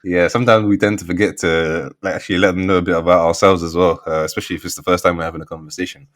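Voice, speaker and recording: A man co-hosting a podcast, speaking in a relaxed, casual way with many fillers. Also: deep voice, rapid-fire, no echo, clean studio sound. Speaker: podcast co-host. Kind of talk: casual chat.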